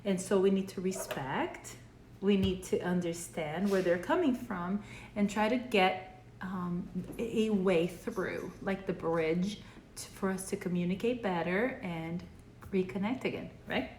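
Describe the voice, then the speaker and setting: A woman therapist talks through a casual video lesson at home at a mid-range pitch, checking in with listeners by asking "right?" as she goes. Her voice rings in a roomy, echoey space with a faint hum behind it. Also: a little slow, darkish tone. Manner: conversational, often checks in with "right?".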